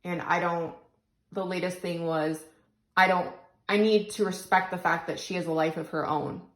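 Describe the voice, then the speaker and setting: A woman's voice: fairly low pitch, fairly even intonation, normal speed, reverberant, low-quality recording. A young woman venting tearfully and rambling about her frustrations into her phone, close to crying. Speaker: single mom vlogger. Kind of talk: emotional venting vlog.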